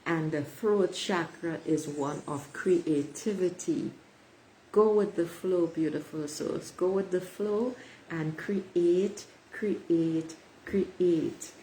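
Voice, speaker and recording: Slow, emphatic woman reading oracle cards. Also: fairly low pitch, dark tone, slight background noise, poor audio. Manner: emphatic, repeats affirmations, addresses listeners as beautiful souls. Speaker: oracle card reader. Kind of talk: spiritual card reading to viewers.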